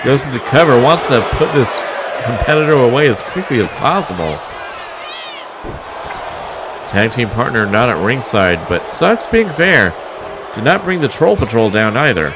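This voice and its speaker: A man calls a wrestling match play by play, wry and mocking, and chuckles now and then. A loud crowd and steady noise sit behind his voice. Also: mid-range voice, normal speed. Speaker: wrestling commentator. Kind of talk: play-by-play commentary.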